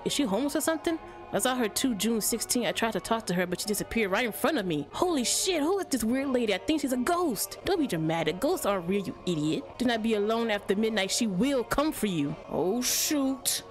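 A woman's voice: on the high side, very animated, fast talker. A young woman hosting a gaming channel, chatting straight to her viewers and reading the game's text aloud while playing a horror game. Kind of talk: horror game let's play commentary. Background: game music.

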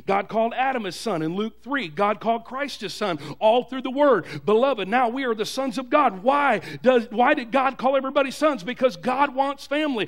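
Male pastor, high voice, call-and-response sermon with shouted peaks. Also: normal speed, hardly any pauses. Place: church.

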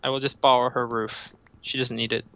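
A co-op player chatting casually during a game, making dry, deadpan quips. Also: medium pitch, brisk, lo-fi sound. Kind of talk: casual gameplay chat.

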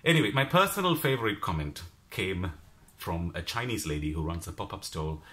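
A man from Sri Lanka telling a story in a casual vlog, exasperated and animated. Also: low voice, a little fast. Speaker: vlogger.

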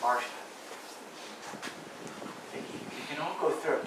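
A man preaching a sermon as pastor, pleading earnestly with his congregation, then dropping to quiet asides. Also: medium pitch, steady tone, normal speed. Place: church sanctuary. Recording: very echoey room, voice from far off, audible noise.

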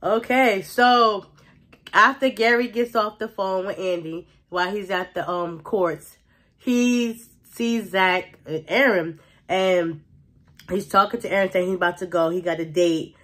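A woman vlogger recapping a TV episode in a casual, gossipy way, full of "like" and quick laughs. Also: mid-range voice, fairly bright tone. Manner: chatty, gossipy retelling with frequent "like" and laughter.

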